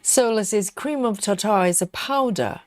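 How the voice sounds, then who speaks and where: A woman's voice: medium pitch, normal speed, dry recording, clean studio sound. A woman hosting a live stream, chatting casually and reading viewer comments aloud, teasing them playfully and laughing often.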